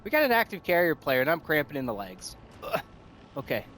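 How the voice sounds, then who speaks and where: A man giving excited, casual commentary over his own gameplay, out of breath, laughing often and talking to himself as the action swings. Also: on the high side, brisk, slight background noise. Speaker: gaming streamer.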